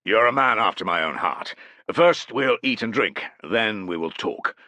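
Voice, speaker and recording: A man voicing a hearty, bawdy male tribal host who leers and jokes loudly in an audiobook. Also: lowish voice, expressive, a little slow, no room sound, pitched above the performer's own voice. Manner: boisterous, leering. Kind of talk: audiobook character voice.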